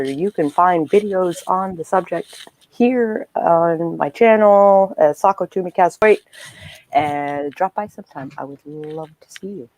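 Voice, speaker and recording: A woman's voice: fairly low pitch, a little mellow, slight background noise. A woman guesting on a casual livestream, playful and given to puns. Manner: playful, punning, laughing. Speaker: guest author. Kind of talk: casual chat.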